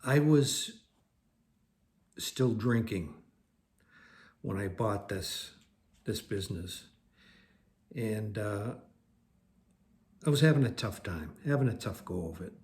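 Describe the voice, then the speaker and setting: A man's voice: fairly low pitch, lively intonation, slow pace, pauses often, darkish tone. A man telling a personal story about his past in a casual, rambling way, often restarting and correcting himself. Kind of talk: personal recovery story told to camera.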